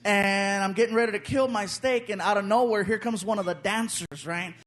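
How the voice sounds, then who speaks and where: High-voiced man doing lively stand-up. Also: fairly quick. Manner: animated, acts out voices. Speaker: stand-up comedian. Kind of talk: stand-up storytelling. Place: comedy club stage. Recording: loud laughing crowd, noisy club.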